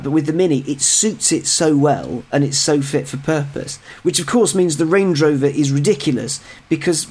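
A man's voice: fairly high pitch, moderate pace, hardly any pauses, a little mellow. A man co-hosting a casual podcast discussion, with dry jokes and wry asides. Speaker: co-host.

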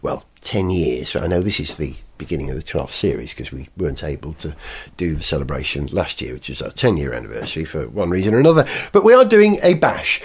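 A man hosting a casual chat, jokey and animated, with mock-sighing asides. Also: rumbling low, fairly quick, few pauses, breathy edge. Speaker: podcast host.

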